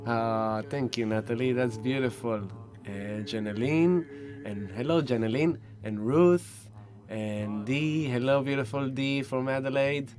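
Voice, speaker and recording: A man hosting a spiritual live stream, greeting viewers one by one with effusive, gentle warmth. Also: medium pitch. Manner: warm effusive greetings, slow and soft-spoken. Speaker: spiritual livestream host.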